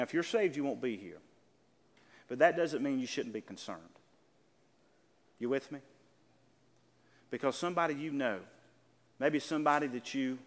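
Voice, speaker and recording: A man with a Southern accent preaching a sermon as pastor, swinging from loud emphatic passages to quiet earnest pleading. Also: medium pitch, in a large hall.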